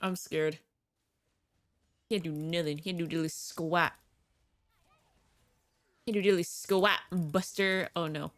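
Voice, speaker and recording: A woman's voice: fairly low pitch, fairly even intonation, slow pace, pauses often, no room sound. A young woman livestreaming a game, chatting in a bubbly way with viewers and reacting aloud to the play. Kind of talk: casual gaming stream chat.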